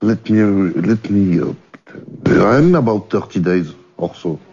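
A man with a Swiss French accent and a low, mellow voice. He speaks haltingly and repeats words while he looks for them. The recording is muffled and lo-fi. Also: lively intonation, husky. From French-speaking Switzerland. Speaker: returning guest. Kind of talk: casual chat. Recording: muffled lo-fi audio.

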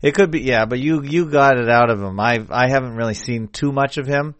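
A man co-hosting a podcast in casual chat, effusive and heaping praise with quick jokes. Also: mid-range voice, dry recording. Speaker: podcast co-host.

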